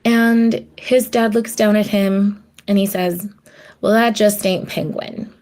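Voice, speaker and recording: This woman's voice is mellow and mid-range. Hosting her own podcast, she talks reflectively and warmly in a conversational way, doing the voices of people she quotes.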